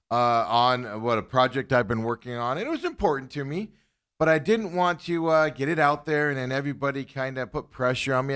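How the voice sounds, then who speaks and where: A man's voice: mid-range voice, fairly bright tone. A man hosting a casual sports talk show, joking and chuckling between his points. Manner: joking, chuckling often, restarts.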